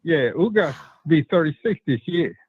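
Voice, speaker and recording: A man's voice: a little high, expressive, moderate pace, slightly rough, no echo. A man calling into a live show, confident and teasing while making his prediction. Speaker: caller. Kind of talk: casual live call-in chat. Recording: dull, muffled phone-call audio.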